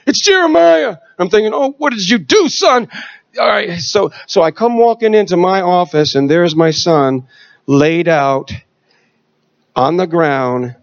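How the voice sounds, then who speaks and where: A middle-aged man preaching a testimony sermon, swinging from shouted exhortation to hushed storytelling. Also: high voice, unhurried, lo-fi sound.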